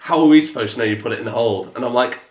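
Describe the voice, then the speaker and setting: A man, telling a story in a casual podcast chat, animated and swearing, mimicking others in a flat lowered voice. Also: racing, very noisy. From England. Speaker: podcast co-host. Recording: echoey room.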